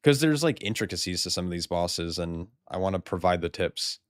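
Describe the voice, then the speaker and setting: American man, deep voice, dry close sound, loose rambling stream chatter, lots of swearing. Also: animated, fairly quick, dry recording. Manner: loose, rambling, swears a lot, laughs often. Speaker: game streamer. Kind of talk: casual live-stream chat.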